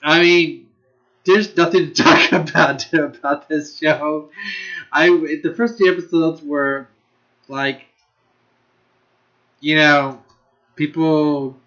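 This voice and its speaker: Man, anime reviewer, casual and rambling, a bit high and bright, dull lo-fi sound. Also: steady tone, takes it slowly, pauses often. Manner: rambling, restarts often, laughs a lot, curses. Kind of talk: casual ranking video commentary.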